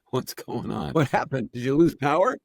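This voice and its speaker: A man's voice: mid-range voice, expressive, normal speed, gravelly, a little mellow, no room sound. A man guesting on a podcast, talking casually and playfully, slipping into demonstration voices as he explains. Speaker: actor and impressionist guest.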